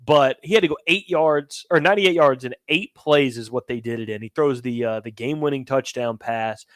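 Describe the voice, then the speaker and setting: A man's voice: medium pitch, brisk, no echo, studio quality. A man co-hosting a casual sports chat show, recapping games in conversational detail with wry asides. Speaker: co-host.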